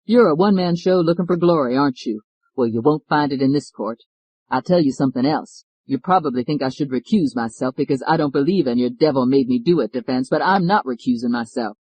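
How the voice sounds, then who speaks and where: A man's voice: medium pitch, a little fast, darkish tone, husky, dry recording, close to an everyday voice. A man voicing a stern, impatient woman judge who scolds sharply, in a dry studio audiobook reading.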